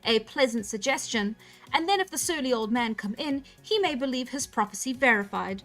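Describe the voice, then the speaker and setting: Woman reading a novel aloud on a stream, kinda high voice, faint music behind. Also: a little fast. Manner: relaxed and chatty, laughing at her own slips. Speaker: storyteller.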